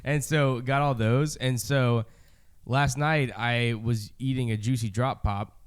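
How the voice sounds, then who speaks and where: Male co-host, clear everyday voice, loose and rambling delivery. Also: medium pitch, fairly even intonation, unhurried. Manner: rambling, restarts, laughs often. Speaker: podcast co-host. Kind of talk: casual chat.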